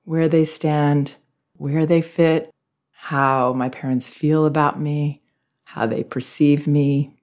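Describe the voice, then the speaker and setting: Gentle middle-aged woman talking through a parents letter, calm and thoughtful. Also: low voice, slow. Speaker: parenting advice host. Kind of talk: answering a listener's letter.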